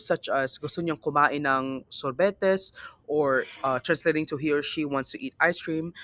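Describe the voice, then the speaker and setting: A man's voice: fairly high pitch, bright, forceful tone. A young man giving a class presentation, speaking conversationally with fillers and self-corrections. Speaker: student presenter.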